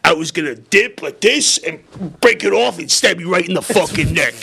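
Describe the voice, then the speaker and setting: A man voicing a tough, deep-voiced young woman who talks bluntly and aggressively. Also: animated, normal speed, vocal fry, sharp tone, husky, exaggerated voice. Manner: blunt, matter-of-fact threats.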